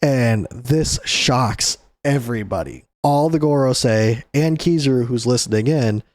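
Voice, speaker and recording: A man's voice: medium pitch, animated, measured pace, a little mellow, no room sound. A young adult man hosting a casual comic chapter recap, talking loosely and chuckling often. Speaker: host.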